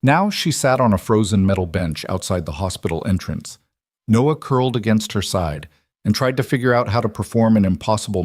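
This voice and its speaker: A man narrating a scripted story in a steady, somber way, close to the mic. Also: on the low side, no room sound.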